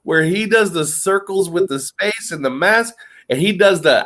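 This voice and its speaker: A man tells stories in casual chat over a remote call, swearing and laughing along. His voice is high and swings widely in pitch. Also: normal speed. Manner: storytelling, lively, swearing, laughing.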